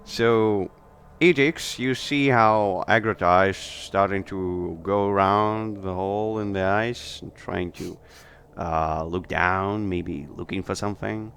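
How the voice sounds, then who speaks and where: Game master: man, slow unhurried narration, bright tone, laid-back. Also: low-pitched, vocal fry, a little hiss or hum.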